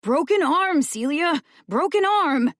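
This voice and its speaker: A woman's voice: mid-range voice, expressive, slow, gravelly, husky, dry recording, studio quality, heavily acted. A woman voicing a meek, nervous young man who speaks weakly and hesitantly in an audiobook. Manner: weak, hesitant.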